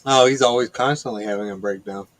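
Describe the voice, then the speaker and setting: A man's voice: lowish voice, fast talker, rough recording. A man in casual stream banter, giggly and saying like a lot.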